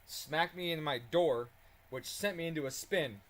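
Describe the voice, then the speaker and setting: Swearing, animated man with a higher voice. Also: normal speed. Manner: animated, swears freely, chuckles as he talks. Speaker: car tuning channel host. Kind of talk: casual storytelling while working on a car.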